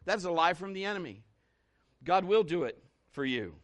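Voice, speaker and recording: A pastor preaches in a folksy, conversational manner, acting out little stories and quoting scripture with emphasis. His voice is high and expressive, delivered at a moderate pace.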